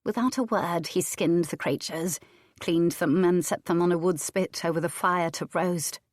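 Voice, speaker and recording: A woman reading a historical romance audiobook in measured, even narration. Her voice sits on the low side, and the recording is dry and close. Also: no room sound. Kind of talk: scripted narration.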